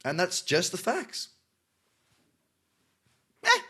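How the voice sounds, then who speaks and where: A man's voice: on the high side, lively intonation, a little slow, pauses often, a bit bright. A man with an Australian accent hosting a crypto news show, reading articles aloud and adding cynical, chatty asides. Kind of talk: casual news commentary.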